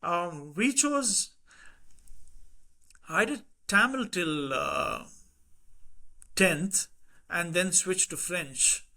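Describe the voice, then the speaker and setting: Podcast guest: middle-aged man, Indian English accent, slightly high voice, lively anecdotal delivery. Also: very slow, long pauses. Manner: animated anecdotes with quoted voices and laughter. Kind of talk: casual conversational storytelling.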